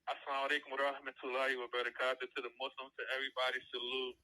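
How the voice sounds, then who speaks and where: A man's voice: medium pitch, completely flat delivery, rapid-fire, sharp tone, rough recording. A man hosting a show, talking casually and animatedly to his listeners, firing rhetorical questions and laughing at his own jokes. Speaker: show host.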